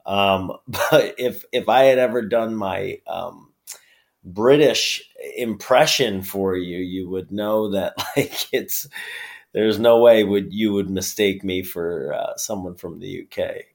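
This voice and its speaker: A man's voice: fairly low pitch, slow pace, vocal fry. A middle-aged man from upstate New York with a New York accent, a wrestler chatting as a guest in a casual interview, laid-back with many fillers and easy laughs.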